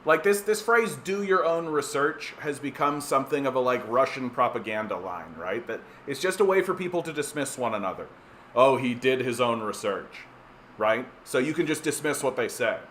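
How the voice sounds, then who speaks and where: Canadian guy rambling on his stream, sarcastic, lots of uh and restarts, mid pitch, bit of background hiss. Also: expressive, a little fast, hardly any pauses, fairly bright tone. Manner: rambling, many restarts and fillers, sardonic. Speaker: livestream host reading chat. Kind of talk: casual political livestream chat.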